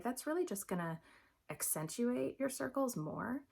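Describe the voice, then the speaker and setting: A woman's voice: mid-range voice, expressive, moderate pace, vocal fry. A young adult woman talking through a makeup tutorial in a chatty, upbeat, instructive way. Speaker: makeup vlogger.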